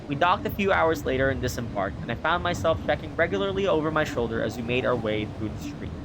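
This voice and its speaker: A man's voice: medium pitch, animated, fast, noisy background. A man playing a narrative game, reading its text aloud with stumbles and self-corrections between casual comments. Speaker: gamer.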